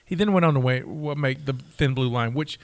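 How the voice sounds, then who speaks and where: A male podcast co-host with a medium-pitched voice speaks fairly quickly on a dry recording. In casual chat, he eagerly reads trivia facts aloud, stumbling and laughing along the way.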